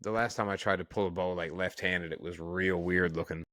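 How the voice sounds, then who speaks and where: A man's voice: low-pitched, steady tone, a little fast, a bit bright, no room sound, studio quality. A man, a podcast co-host, chatting casually about archery gear, laughing and swearing freely. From Canada. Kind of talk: casual chat.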